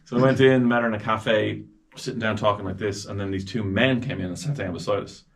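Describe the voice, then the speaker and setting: A man's voice: lowish voice, a little fast. An Irish man in his forties telling stories as a guest in a casual chat, bringing quoted people to life. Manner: lively anecdotes with quoted voices.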